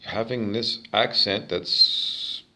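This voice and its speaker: A man's voice: fairly low pitch, steady tone, slow pace, bright, forceful tone. Rambling Canadian man in his fifties. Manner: digressive, opinionated, with many fillers. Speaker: vlogger. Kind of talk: rambling solo monologue.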